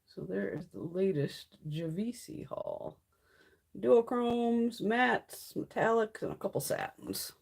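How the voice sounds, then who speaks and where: A woman's voice: medium pitch, sing-song, slow pace, creaky, darkish tone. A woman hosting a casual beauty haul live stream, chatty and blunt, swearing freely as she greets viewers. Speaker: beauty livestream host.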